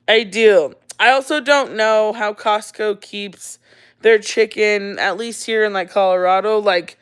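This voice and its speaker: A woman in her thirties chats on a relaxed livestream in an unhurried way. Her voice is bright and smooth, and she laughs easily as she reads and answers viewer comments. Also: fairly high pitch. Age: 30s. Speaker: livestream host. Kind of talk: casual livestream chat.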